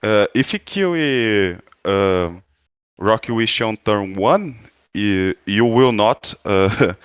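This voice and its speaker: Guest, male, slow steady pace, dry close sound, hesitant and full of fillers. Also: on the low side, clean tone, no echo, muffled recording. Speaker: podcast guest. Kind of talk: casual gaming discussion.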